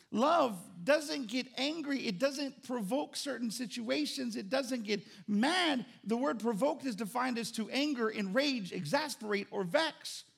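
Man, pastor, sermon, high voice, gravelly, conversational and joking. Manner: conversational preaching, animated and joking.

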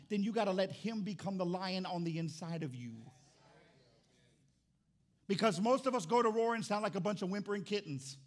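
A middle-aged pastor preaches a sermon in a high voice at a slightly fast clip. He's animated and funny, swinging from loud bursts to quiet asides as he tells a story.

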